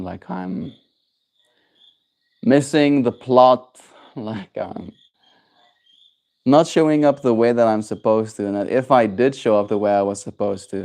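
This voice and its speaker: A young South African man with a South African accent, musing softly as he chats on a livestream, slow and soft-spoken. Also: fairly low pitch. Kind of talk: reflective livestream chat.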